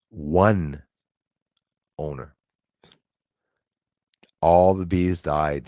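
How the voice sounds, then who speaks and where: A man's voice: low voice, fairly even intonation, takes it slowly, long pauses, a little mellow, no echo, clean studio sound. A man hosting a casual livestream, rambling and reading viewer comments aloud with jokey asides. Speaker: livestream host reading chat.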